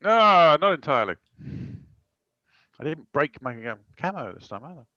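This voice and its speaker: A man playing a tabletop game, playful and animated, joking about his character's plans. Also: mid-range voice, normal speed, dry recording. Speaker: player. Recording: dry, dull lo-fi sound.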